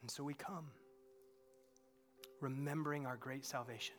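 A man preaching a sermon in a church, swinging from impassioned outbursts to hushed, quiet moments. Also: medium pitch, fairly even intonation, normal speed, pauses often, soft background music. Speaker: pastor. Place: church sanctuary.

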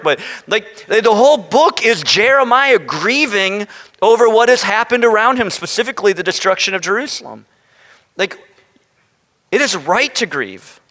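Bright-voiced pastor man preaching in a hall. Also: high voice. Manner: animated, joking asides to the congregation. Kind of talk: sermon. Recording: long reverb of a large hall.

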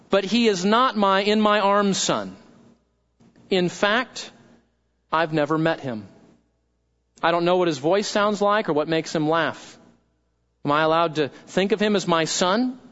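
A man's voice: on the high side, a bit bright, lo-fi sound. A pastor preaching a sermon, talking in a conversational way and asking his congregation questions.

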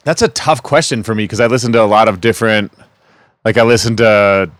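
A man's voice: on the low side, a little fast, fairly bright tone, dry recording. A man as a podcast guest in casual chat, hesitant and searching for his words.

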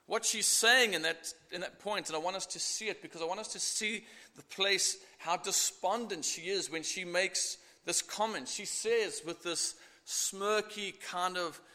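A middle-aged man preaching a sermon, earnest and expressive, acting out the scripture as he goes. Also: high-pitched. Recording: echoey hall.

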